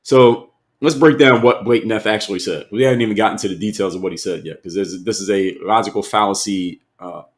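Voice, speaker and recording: A man with a lowish, brisk voice is hosting a live stream, addressing his chat directly and emphatically. He repeats his points and puts questions to his viewers.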